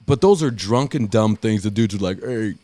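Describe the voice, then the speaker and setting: A podcast host tells a wild story in casual, profane chat, speaking at normal speed on a dry recording. He's animated and acts out the people in it, doing their quotes in a loud, high voice.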